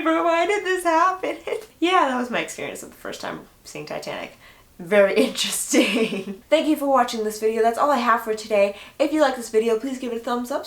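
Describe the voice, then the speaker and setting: A woman's voice: a little high, a bit bright. A teenage girl in her late teens, vlogging and telling stories in a chatty way, full of "like" fillers. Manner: chatty, filler-heavy storytelling. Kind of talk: casual chat to camera.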